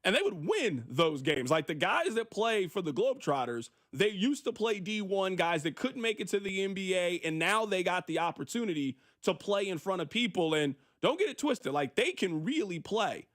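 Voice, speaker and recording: Man, sports radio host, high voice, lively swings in pitch, casual storytelling. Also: moderate pace, few pauses. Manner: animated, storytelling.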